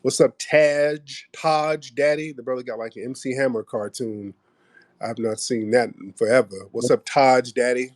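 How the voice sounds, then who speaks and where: A man's voice: medium pitch, fairly even intonation, moderate pace, darkish tone, no room sound, clean studio sound. A man hosting a live call-in audio show, blunt and joking. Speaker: host.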